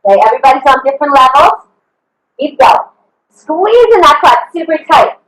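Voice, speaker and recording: A woman's voice: high-pitched, big pitch swings, moderate pace, fairly bright tone, echoey room, rough recording. A woman fitness coach leading an online workout, upbeat and encouraging, counting reps and whooping, a little out of breath. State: slightly out of breath. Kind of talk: live online workout instruction.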